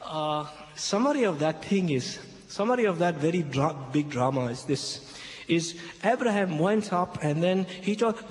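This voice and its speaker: A man's voice: a little high, animated, normal speed. A man speaking as a Christian speaker to an audience. He retells a Bible story in broken English, repeating key phrases and often checking in with "okay?". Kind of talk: expository talk retelling a Bible passage. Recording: echoey hall with faint background noise.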